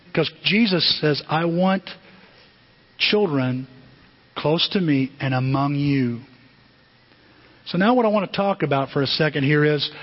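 Husky-voiced male pastor preaching. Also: on the high side. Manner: conversational preaching with rhetorical questions. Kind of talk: sermon. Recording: dull lo-fi sound.

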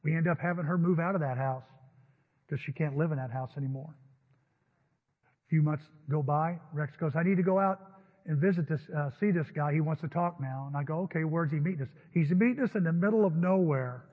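A man's voice: on the high side, a little fast. A man preaching a sermon, telling anecdotes and acting out both sides of conversations. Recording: phone-like audio with long hall reverb.

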